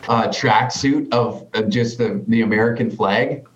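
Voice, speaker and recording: A Canadian-accented man trades loose, swear-laden stories in a relaxed podcast chat. His voice bounces around a roomy space, and the sound is dull and lo-fi. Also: on the low side, unhurried. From Canada (southern Alberta). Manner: laid-back, profane storytelling. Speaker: podcast guest. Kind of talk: casual chat.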